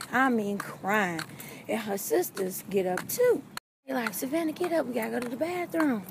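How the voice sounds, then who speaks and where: Young woman telling a funny story, animated and chatty, highish voice, noisy recording. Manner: animated, talks straight to the audience. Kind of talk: comic storytelling.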